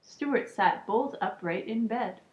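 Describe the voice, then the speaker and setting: A woman's voice: mid-range voice, takes it slowly. Woman reading a storybook in an echoey room. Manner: calm reading with casual asides. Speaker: storybook reader. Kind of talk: reading a children's book aloud. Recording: echoey room, muffled lo-fi sound.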